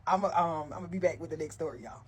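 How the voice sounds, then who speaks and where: A woman telling a story to her viewers in a casual, animated and blunt way, heavy on profanity, with frequent asides to her listeners. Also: low-pitched, fast, slight background noise.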